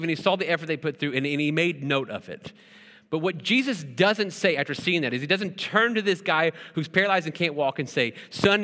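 A man delivers a sermon in a church, talking to the congregation in a conversational way. His voice is bright and forceful. It rings with a long reverb off the hall, and he keeps stopping to ask rhetorical questions. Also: fairly high pitch. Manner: earnest, conversational preaching with repeated words and rhetorical questions. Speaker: pastor.

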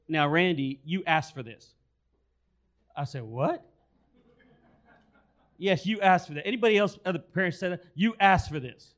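A man preaching a sermon, telling a story and repeating key phrases for emphasis. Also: a little high. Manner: storytelling, acts out quoted voices.

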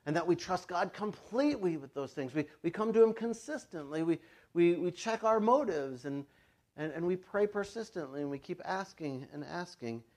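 A male pastor preaching a sermon in a relaxed, conversational way, dropping into quick quoted asides. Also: high-pitched. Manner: conversational, plays God and a child in quoted asides.

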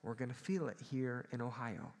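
A Midwestern pastor preaches to his church in an earnest voice, often pausing to ask for an amen. His voice sits at an ordinary middle pitch for a man. The sound carries a long reverb from the hall around him. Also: a little mellow. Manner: earnest preaching, calls for amens. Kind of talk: sermon.

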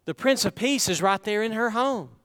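A man's voice: sits high, expressive, moderate pace, fairly bright tone, in a large hall. A middle-aged man preaching a sermon, talking conversationally and asking the congregation rhetorical questions. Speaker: pastor.

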